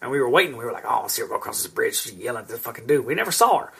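A thirties podcast co-host rambles through long stories in casual chat, swearing freely. His medium-pitched voice is expressive and rapid-fire, creaky, pushed and bright, with a breathy edge.

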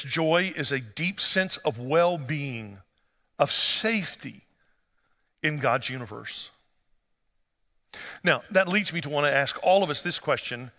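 A pastor preaches in a large church hall, his slightly high, bright voice ringing out with a long reverb. He moves from easy, conversational storytelling to animated emphasis. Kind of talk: sermon.

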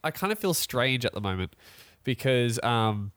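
A man's voice: mid-range voice, moderate pace, smooth, no echo. A young man co-hosting a podcast, chatting casually with many fillers and restarts. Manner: relaxed, rambling, frequent fillers and restarts. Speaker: podcast co-host. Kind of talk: casual chat.

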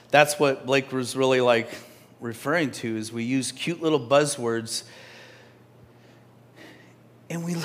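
A man preaching a sermon in a church, talking to the congregation in a conversational way that swings from loud and emphatic to soft, almost whispered. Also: fairly high pitch. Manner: conversational, with restarts and asides to the congregation. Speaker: pastor.

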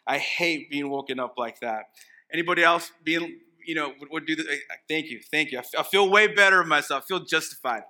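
Bright-voiced pastor preaching a sermon. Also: male voice, on the high side, fairly quick. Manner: conversational preaching, emphatic, with jokes and restarts.

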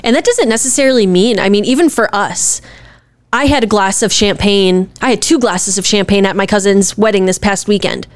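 A woman's voice: mid-range voice, fairly quick, no room sound. A woman co-hosting a podcast with her husband, talking earnestly and emphatically in a conversational way. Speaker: podcast co-host, wife. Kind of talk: casual podcast chat.

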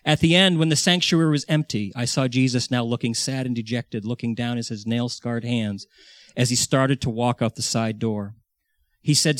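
A man's voice: mid-range voice, fairly even intonation, moderate pace, fairly bright tone, dry recording, studio quality. A man in his forties preaching earnestly, recounting a vision and his prayers, often restarting and repeating words. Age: 40s. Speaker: pastor.

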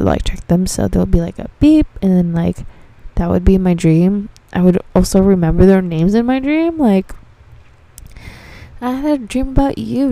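Her lowish, creaky, dark voice comes through a dry recording as this young woman, a dispensary receptionist, shares profane, laughing, exasperated stories about the customers she deals with, told as a casual monologue.

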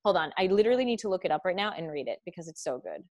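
A woman's voice: on the low side, animated, rapid-fire, darkish tone, dry recording. A young woman hosting a podcast in casual chat, effusive and swearing freely, laughing often. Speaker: podcast host.

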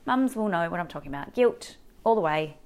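A woman's voice: fairly low pitch, a little fast. An Australian woman telling a personal story in a candid, emotional way, full of fillers and restarts. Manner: emotional, animated retelling with many fillers. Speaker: mother sharing a personal story.

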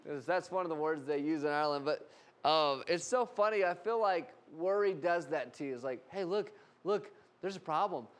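A man preaching a sermon with animated storytelling and casual fillers. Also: on the high side, a little fast. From United States.

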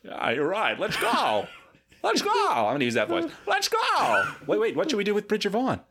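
A man hosting an improvised comedy podcast, playing a clueless new superhero who talks excitably and cracks into squeaky high tones. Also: moderate pace, background noise, full character voice. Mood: excitable. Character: bumbling new male superhero, eager and clueless. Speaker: podcast host.

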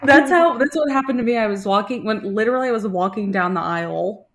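Casting: mid-pitched woman, podcast co-host, easygoing, quick to laugh. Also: a crowd in the background. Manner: chatty, laughing, profane anecdotes. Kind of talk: casual chat.

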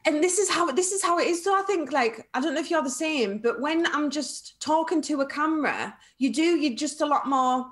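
A woman with a Liverpool accent, a business networking trainer chatting as a guest in an interview, lively and quick to laugh. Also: high-pitched. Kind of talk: casual interview chat.

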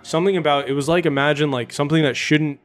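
A man in a casual podcast chat, describing a recurring dream slowly and haltingly with lots of fillers. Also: fairly high pitch, fairly even intonation. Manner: slow, halting, many fillers. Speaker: podcast host.

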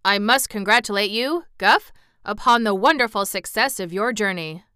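A woman voicing a suspicious, anxious male gnome king in a storybook reading, with loud emphatic exclamations. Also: medium pitch, moderate pace, clear, resonant tone, dry recording, clean studio sound, lightly acted.

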